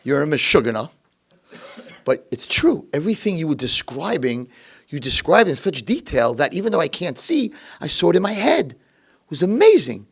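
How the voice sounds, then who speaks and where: A man voicing a miserable, cranky blind old man who shouts in a high, strained voice. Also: very animated, moderate pace, breathy edge, heavily acted. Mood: grudgingly warm. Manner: shrill shouting, bitter.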